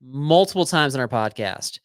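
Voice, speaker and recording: Smooth, clear-voiced podcast co-host man. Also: mid-range voice, lively intonation, normal speed, no room sound, clean studio sound. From Colorado. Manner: playful quizmaster, teacherly. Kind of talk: casual podcast chat, reading trivia quiz.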